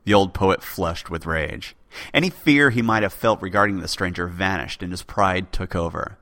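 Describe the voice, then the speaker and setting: A man narrates an old legend in a dramatic read-aloud style. His voice sits low but sounds bright and crisp, recorded close and dry with no room echo. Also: moderate pace. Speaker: podcast host narrator. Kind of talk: storytelling narration.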